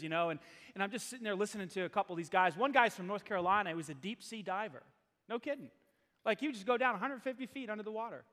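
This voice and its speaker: A man's voice: high-pitched, fairly bright tone. A male pastor preaching a sermon, telling self-deprecating stories in a chatty way with laughs. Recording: hall reverb.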